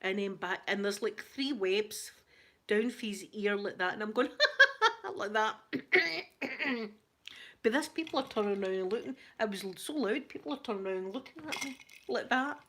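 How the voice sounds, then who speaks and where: A Scottish woman hosting her channel, telling a story in casual, animated chat. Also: mid-range voice, moderate pace. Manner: chatty, animated anecdote telling. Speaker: ASMR channel host.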